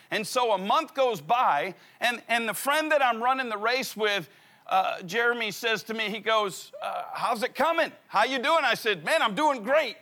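Middle-aged pastor, kinda high voice, funny story sermon, does all the voices. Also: male voice, pushed and bright. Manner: humorous, acts out the dialogue.

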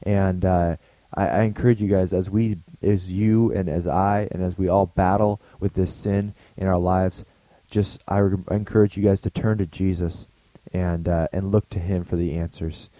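A man's voice: deep voice, fairly even intonation, moderate pace, dry recording, muffled recording. A man giving a short, earnest daily devotional talk as a pastor, speaking conversationally and often restarting his sentences.

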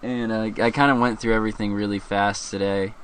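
Laughing frequently, a man from the Philadelphia area rambles and jokes his way through a casual live show. The voice is lowish and a bit bright, the intonation fairly even, the pace fairly quick, and there's slight background noise.

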